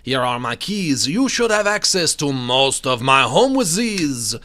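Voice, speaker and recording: Guy reading as a jumpy paranoid painter man, voice swinging all over, bright tone. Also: a little high, expressive, normal speed. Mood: frantic. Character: anxious haunted male painter, frantic and paranoid.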